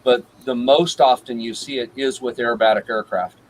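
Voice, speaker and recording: A man's voice: mid-range voice, fairly even intonation, normal speed, rough recording. A man on a live-stream panel, explaining aircraft matters in a knowledgeable way. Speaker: panel guest. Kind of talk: casual chat on a live stream.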